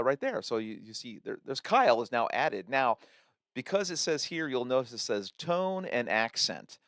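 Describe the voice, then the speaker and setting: A man hosting a podcast, walking through a software tool in a chatty, loose tutorial with many fillers and restarts. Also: medium pitch, dry recording, studio quality. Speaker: podcast host. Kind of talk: casual tutorial walkthrough.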